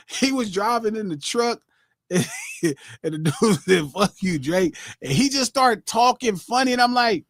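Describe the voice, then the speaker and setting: A man in loose podcast banter whose voice swings up and down. He talks in an animated, profane way and slips into mimicry. The sound is close and dry, with no room around it. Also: very high voice, unhurried, no echo. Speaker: podcast co-host. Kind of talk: casual livestream chat.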